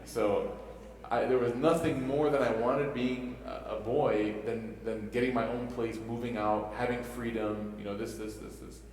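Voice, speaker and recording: A man's voice: medium pitch, fairly even intonation, a little slow, few pauses, a little mellow, a little hiss or hum. A young man and imam giving an emotional talk to youth in a mosque, telling stories with jokes and frequent rhetorical questions. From Egypt (family), raised in Chicago. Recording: echoey hall from far off.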